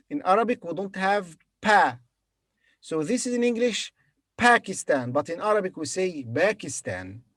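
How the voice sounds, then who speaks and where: A man's voice: high voice, no echo, clean studio sound. A man teaching Arabic to beginners, patiently sounding out each word and repeating it for his learners. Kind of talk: beginner language lesson.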